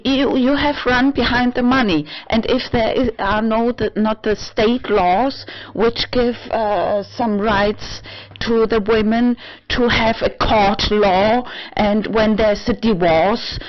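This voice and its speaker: A woman vlogger, tipsy, rambles slowly through a personal monologue in her home apartment, her speech halting and full of fillers, restarts and digressions. Now and then she breaks into shrill, high-pitched sarcastic outbursts. The recording is a dull, lo-fi home capture.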